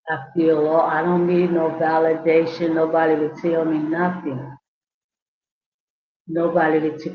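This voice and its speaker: A woman speaks, delivering an emphatic motivational talk. She talks slowly and drives her points home by saying them again. Her voice comes through muffled and roomy. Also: low voice. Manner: repetitive, preachy, emphatic, speaks straight to the listener. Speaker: channel host, inspirational speaker. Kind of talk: motivational self-help talk.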